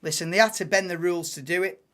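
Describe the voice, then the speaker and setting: A man's voice: high-pitched, fast talker, pushed and bright. A man hosting a live watchalong, casual banter-heavy commentary that swears and laughs at his own jokes.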